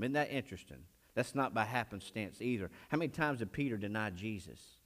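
A male pastor preaching a sermon, his voice rising high and falling low as he retells a scripture story. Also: normal speed, few pauses. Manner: expressive preaching, voice rising and dropping sharply while retelling scripture; married.

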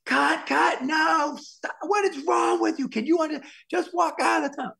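A man imitating a film director who yells at him impatiently. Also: fairly even intonation, moderate pace, gravelly, heavily acted. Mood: exasperated. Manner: shouting, high-pitched, impatient.

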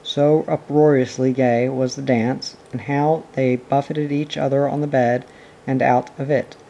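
A man reading a classic children's novel aloud in a steady, expressive storytelling manner. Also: mid-range voice, unhurried, gravelly, highs cut off, a little hiss or hum. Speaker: reader. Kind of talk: audiobook reading.

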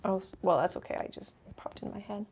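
A middle-aged woman with a gravelly, mellow voice hosts a relaxed live painting session. She talks casually while she works, thinking aloud and often leaving a sentence unfinished before starting another. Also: mid-range voice, quick pace. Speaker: art teacher and channel host. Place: home art studio, indoors.

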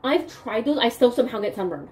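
A young woman from Newfoundland, Canada, talks fast in a slightly high, darkish voice with lively intonation, vlogging in a giggly, rambling chat full of "like".

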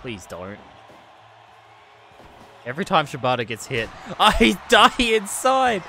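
A man with a bright, sharp voice pitched a little high, commentating a wrestling game on a live stream. He swears and laughs a lot and swings from yelling to low muttering, with faint music playing behind him. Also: huge pitch swings, slow, long pauses.

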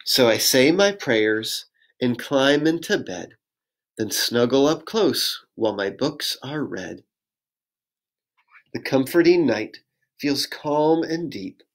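A pastor reads a children's picture book aloud, unhurried and gentle, his voice rising and falling in a lively sing-song. He pauses often to invite young listeners to join in. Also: medium pitch, a little hiss or hum. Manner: gentle, sing-song reading with audience prompts.

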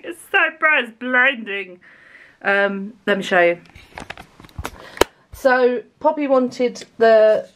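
A woman chats casually to her handheld camera as a family vlogger. She speaks slowly and unhurriedly, at a middle pitch, with plenty of fillers along the way. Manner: chatty, unhurried, with frequent "um" fillers. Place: at home and outdoors on a windy, sunny day.

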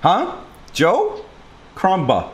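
A young man trolling an online class, loud, mocking and crude. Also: sits high, huge pitch swings, very slow. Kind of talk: prank trolling.

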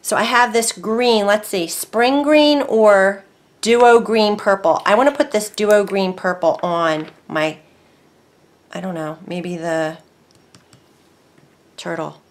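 A woman hosting a casual crafting tutorial, chatty and easily excited, talking to herself as she works. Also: medium pitch, takes it slowly, long pauses. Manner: chatty, excitable, talks to herself while working. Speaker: craft video host.

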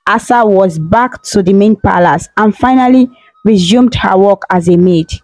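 A woman's voice: mid-range voice, darkish tone, no room sound, rough recording. Female folktale narrator, dramatic read, dry close mic. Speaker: storyteller. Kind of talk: scripted storybook narration.

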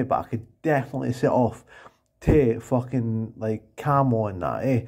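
A man's voice: medium pitch, expressive, moderate pace, darkish tone, breathy edge. A Scottish man talking in a casual, rambling monologue, often tagging his sentences with "eh?" and "and that". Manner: rambling, tags lines with "eh?" and "and that".

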